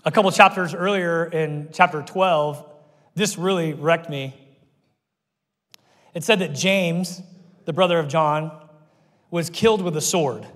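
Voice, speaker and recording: A man preaching a sermon as pastor, telling stories with energy and acting out the people he quotes. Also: sits high. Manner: animated storytelling, acts out quoted voices. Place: church auditorium. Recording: long reverb of a church hall.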